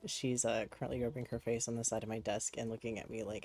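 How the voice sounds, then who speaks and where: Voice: medium pitch, little pitch movement, fast talker, darkish tone, rough recording. A streamer chatting casually while playing a game at a home desk, cooing to a pet cat between musing remarks.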